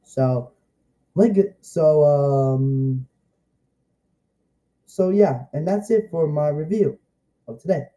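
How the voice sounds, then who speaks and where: A young man vlogging a casual, excitable review, rambling and repeating himself. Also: a little high, slow pace, long pauses.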